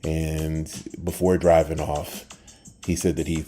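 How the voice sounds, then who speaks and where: Deep-voiced older man telling a story. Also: slow pace, faint music behind. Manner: animated, acts out quoted voices, trails off at the end. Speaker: podcast host. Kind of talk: casual storytelling.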